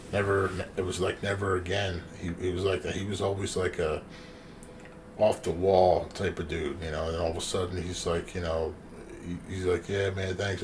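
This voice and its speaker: A man with a fairly low voice tells a long, rambling story in loose, profane chat. He acts out the voices he quotes. A clear noise hum sits behind him.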